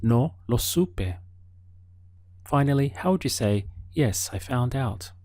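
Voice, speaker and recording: A man teaching an audio language lesson, prompting the listener patiently and pausing for answers. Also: medium pitch, expressive, darkish tone, no room sound. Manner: slow, patient prompting with pauses for the learner.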